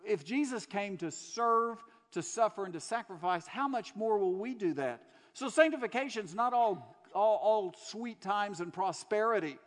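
Earnest preacher in an echoey hall. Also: male voice, high voice. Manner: earnest storytelling, emphatic repetitions. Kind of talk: sermon. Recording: long hall reverb.

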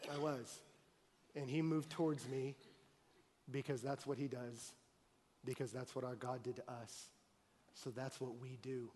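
A man preaching a sermon as pastor, telling a story with animated swings between loud excited bursts and quiet earnest talk. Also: mid-range voice. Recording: long hall reverb.

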